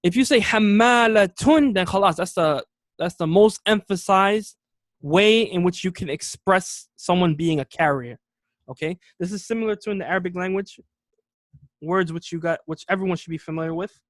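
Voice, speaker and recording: A man teaching an Arabic lesson, explaining words step by step, repeating key terms slowly and often checking in with "okay?". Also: high voice, no room sound, studio quality. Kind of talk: classroom lesson.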